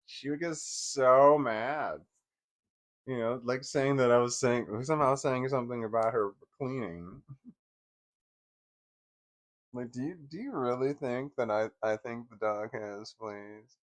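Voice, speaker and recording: A man in his forties casually telling personal stories, wry and laughing at first, trailing off into bitter quiet. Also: mid-range voice, measured pace. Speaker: vlogger.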